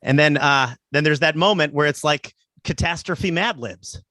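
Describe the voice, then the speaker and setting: A man's voice: a little high, moderate pace, bright, forceful tone, no echo. A man doing a stand-up comedy set, telling rambling stories with lots of asides.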